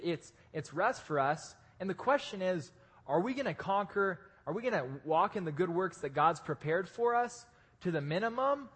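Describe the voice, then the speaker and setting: A man preaching a casual, joking sermon to a live audience, with lively restarts. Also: sits high, breathy edge. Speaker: pastor. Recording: echoey hall.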